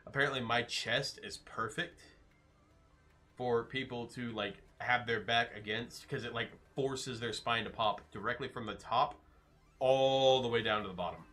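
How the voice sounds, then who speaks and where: A man's voice: medium pitch, pushed and bright. A young man streaming, chatting casually and rambling with jokes as he answers his viewers. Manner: rambling, joking, reads out chat names.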